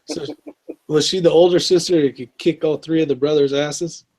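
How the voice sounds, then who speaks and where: A man's voice: fairly high pitch, fairly even intonation, moderate pace, darkish tone. A man hosting a casual interview, laid-back and laughing along with his guest. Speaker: host.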